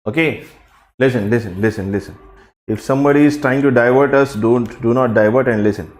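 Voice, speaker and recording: A male teacher, giving a live online grammar class and repeating each phrase slowly to drill it. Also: mid-range voice, echoey room. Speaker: English teacher.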